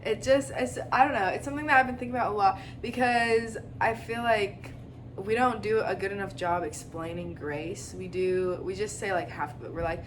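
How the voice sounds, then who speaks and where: A woman's voice: mid-range voice, moderate pace. Young woman on a podcast, rambly and giggly, lots of likes and ums, faint hiss behind her. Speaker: podcast co-host. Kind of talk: casual faith chat. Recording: faint background noise.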